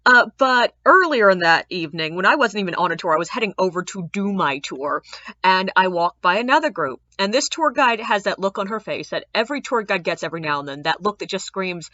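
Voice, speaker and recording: A woman's voice: brisk, no room sound. A woman who works as a ghost tour guide, telling a casual storytime tale and acting out the people in it with sudden jumps in her voice. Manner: animated, acts out quoted people with big pitch jumps. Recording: dull lo-fi dry sound.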